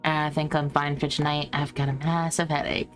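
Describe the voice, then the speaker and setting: Low-voiced woman playing a tabletop game. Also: little pitch movement, moderate pace, soft background music. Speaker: player. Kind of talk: casual tabletop role-play.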